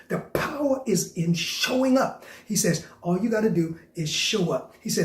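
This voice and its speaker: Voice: mid-range voice, lively intonation, unhurried, few pauses. Emphatic repetitive preacher in a roomy space. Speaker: preacher hosting a faith broadcast. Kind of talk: sermon.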